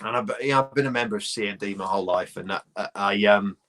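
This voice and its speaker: A middle-aged man from London with a posh southern English accent, a guest comedian telling lively stories in a casual chat, swearing freely and laughing as he goes. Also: on the low side, fast talker.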